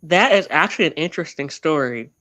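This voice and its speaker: A man's voice: fairly high pitch, expressive, fast talker, bright, forceful tone, no room sound. A man telling his family history as a guest in a casual interview, rambling and often correcting himself mid-sentence.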